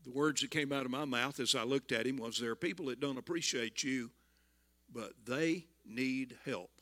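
A man in his seventies with a Southern US accent, telling stories in a folksy sermon and building to loud exclamations. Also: medium pitch, moderate pace. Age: 70s. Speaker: visiting preacher. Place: church.

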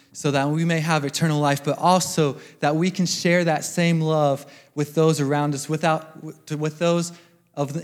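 A man with a fairly high voice speaks earnestly to a church, urging action and reading verses aloud in a steady, preaching tone. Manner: earnest, exhorting, quotes scripture. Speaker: mission team speaker. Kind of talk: sermon testimony. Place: church sanctuary.

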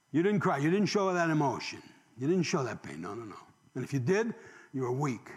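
High-voiced man preaching a sermon. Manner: preaching with rhetorical questions, swinging from loud to hushed; emotional, drops to a near whisper. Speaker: pastor.

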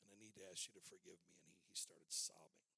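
Gravelly older man preaching. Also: sits low, steady tone, quick pace, sharp tone, dry recording. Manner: storytelling, emotional and earnest. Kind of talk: sermon.

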